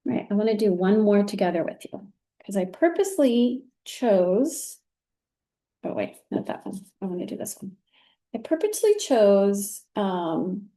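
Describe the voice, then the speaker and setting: A woman's voice: medium pitch, warm tone. A woman leading a recorded teacher training, walking through examples patiently and encouraging with frequent praise.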